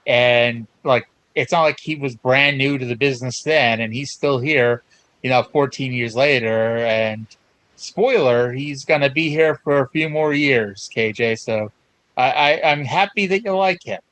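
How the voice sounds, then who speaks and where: A man's voice: mid-range voice, a little slow, a bit bright, low-quality recording. A man hosting a podcast, recapping old wrestling in an enthusiastic, chatty way. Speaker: podcast host. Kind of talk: casual chat.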